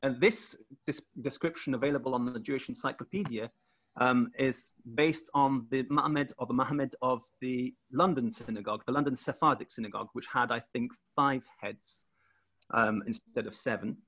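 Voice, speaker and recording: A man's voice: medium pitch, moderate pace, a bit bright, muffled recording. A man presenting his research over a video call, explaining step by step with frequent restarts.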